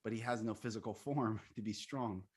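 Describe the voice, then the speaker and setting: A man's voice: fairly low pitch, moderate pace, breathy edge. Earnest man coaching over a call. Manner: earnest, emphatic, laughs while explaining. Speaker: coach and retreat leader. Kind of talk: interview conversation.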